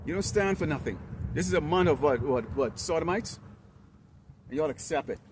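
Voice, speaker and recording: A man preaching an open-air sermon outdoors by a busy street, in a loud, confrontational and profane manner. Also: fairly high pitch, expressive, moderate pace, background noise.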